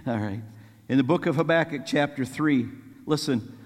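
A man's voice: medium pitch, moderate pace, long reverb tail. A man preaching a sermon, earnest and rising to fervent pleading as he quotes scripture.

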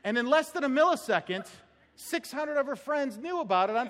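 A male pastor preaching a sermon, telling an animated personal story and laughing along with it. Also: very high-pitched, brisk, a little hiss or hum. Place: church sanctuary. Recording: long hall reverb.

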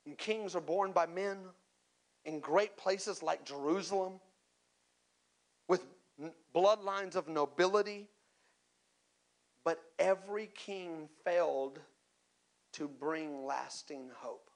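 A man's voice: a little high, takes it slowly, long pauses. A man preaching a sermon, speaking emphatically with chatty asides and calling out to the congregation. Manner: conversational asides and repeated words. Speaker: pastor.

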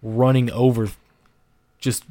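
A man's voice: medium pitch, little pitch movement, slow, dark tone, dry recording. Young guy telling a long story on a podcast, swearing constantly, keeps restarting, totally dry sound. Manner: rambling, heavy swearing, many restarts and "like" fillers. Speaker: podcast co-host. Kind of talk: casual storytelling.

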